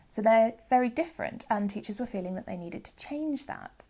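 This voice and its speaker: A young woman from the UK hosting a phonics lesson, explaining patiently and sounding out examples slowly and clearly. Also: a little high, lively intonation, dark tone. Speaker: phonics teacher and channel host. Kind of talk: educational video lesson.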